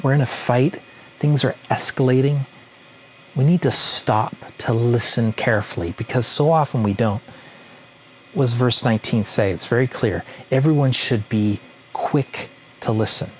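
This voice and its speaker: A man's voice: medium pitch, a little hiss or hum, low-quality recording. A man preaching a sermon in a conversational way, often asking the listeners questions. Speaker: pastor.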